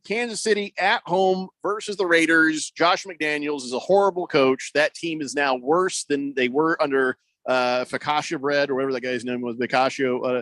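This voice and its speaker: Higher-voiced joking sports radio host, man. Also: fairly bright tone, dry recording. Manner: rambling and joking, many fillers. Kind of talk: casual sports talk radio.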